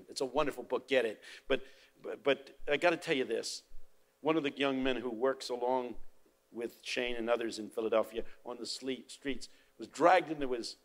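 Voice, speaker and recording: An older man telling a story in a sermon, a preacher and professor who swings from hushed tones to shouting. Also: mid-range voice.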